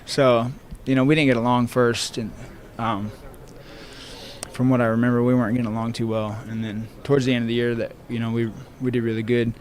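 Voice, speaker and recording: A man's voice: medium pitch, little pitch movement, a little fast. A man, a professional fighter, talking casually in interviews, rambling and hesitant with lots of fillers.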